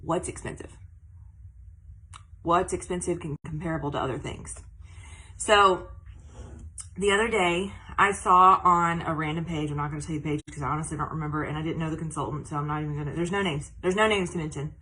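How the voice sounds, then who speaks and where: A woman's voice: deep voice, a little fast, pushed and bright, slightly rough, low-quality recording. A woman talking casually on a live stream, chatty and full of fillers. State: out of breath. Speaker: direct sales consultant.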